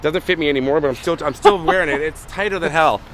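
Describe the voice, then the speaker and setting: A man from Canada, a guest on a casual vlog, talking in an excitable, enthusiastic way. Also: a little high, quick pace, gravelly. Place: outdoors on a studio lot.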